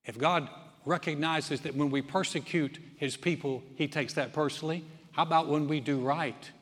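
Folksy pastor preaching in a reverberant church. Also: male voice, a little high, fairly even intonation, moderate pace, a bit bright. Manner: folksy, joking storyteller. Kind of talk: sermon. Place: church sanctuary. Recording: long reverb of a church hall.

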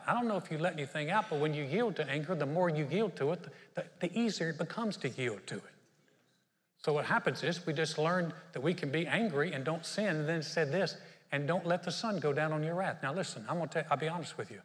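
A middle-aged man preaching a sermon as pastor, humorous and animated, telling stories with playful asides. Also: fairly high pitch, brisk, long reverb tail.

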